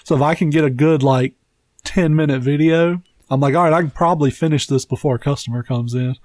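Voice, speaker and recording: A man in his thirties with a slightly nasal tone and a faint southern twang, spinning long, profane stories in casual podcast chat. His voice sits a touch high, and the close mic sounds dry and free of room sound. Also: fairly quick, darkish tone, dry recording. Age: 30s. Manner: rambling, profane storyteller. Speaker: podcast co-host.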